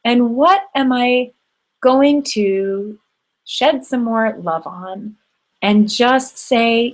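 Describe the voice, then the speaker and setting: A woman's voice: a little high, very slow, poor audio. Middle-aged woman, host of an online women's circle, affectionate and encouraging, computer mic. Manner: affectionate, encouraging, with frequent ums. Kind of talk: warm closing remarks to a live online group.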